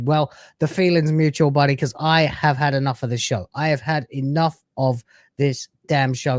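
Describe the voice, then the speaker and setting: A man's voice: mid-range voice, no room sound, clean studio sound. A man hosting a live stream, chatting casually with brash, sarcastic, crude banter.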